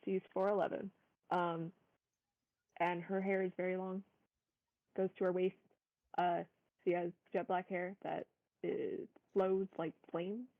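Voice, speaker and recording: A woman playing in a tabletop game, describing her character in a shy, halting way. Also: lowish voice, level tone, phone-quality sound, slight background noise. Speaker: player.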